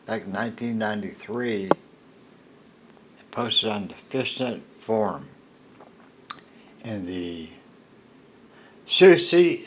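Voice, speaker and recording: An older man telling a personal story in a slow, rambling monologue, halting with restarts. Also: fairly low pitch, slight background noise. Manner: halting, with restarts and soft laughs. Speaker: storyteller recounting a personal encounter.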